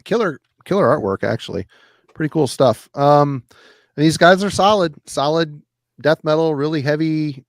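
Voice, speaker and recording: A man's voice: on the high side, animated, normal speed, dry recording. A man co-hosts a podcast in a laid-back, casual chat. He keeps his remarks short and laughs often. The voice is dry and close to the mic. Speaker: podcast co-host.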